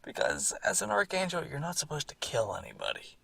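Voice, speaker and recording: A man's voice: fairly high pitch, wildly swooping pitch, a little fast, creaky, a bit bright, breathy edge, dry recording, distant mic. A man giving rambling, casual commentary on his own series, repeating himself and swearing now and then.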